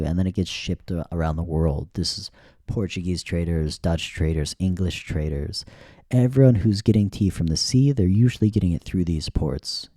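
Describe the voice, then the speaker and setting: A man's voice: low-pitched, dark tone, no echo, studio quality. A man hosting a solo podcast, talking casually and thinking aloud with frequent restarts. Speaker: podcast host. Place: living in China.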